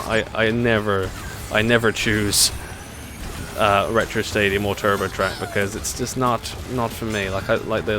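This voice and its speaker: Over game music and a noisy background, a man with a lowish voice offers casual commentary while streaming a racing game. He laughs a lot and reads out messages from chat.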